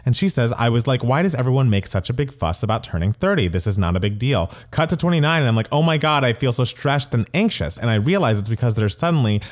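A male podcast co-host chatting in a casual, chatty way. His pitch moves a lot, rising and falling as he talks, and he laughs easily between points. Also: quick pace, few pauses. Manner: chatty, animated, laughing often. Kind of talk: casual chat.

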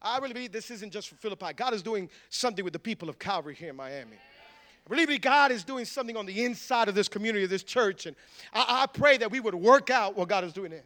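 A male pastor preaches in a high, bright voice, with a light, joking, conversational delivery. His tone stays sharp and tense as he talks to the congregation. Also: expressive, fast. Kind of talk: sermon.

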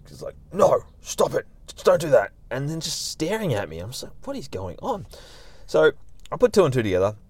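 A man with a low, slightly mellow voice hosts a podcast and works as a dog trainer. In a casual storytelling monologue, he tells a story in a chatty, laid-back way.

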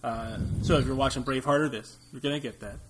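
A man's voice: mid-range voice, fairly even intonation, quick pace, crowd noise. A young American man co-hosting a podcast, chatting casually about movies with a rambling, jokey manner and frequent laughs. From United States. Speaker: podcast co-host.

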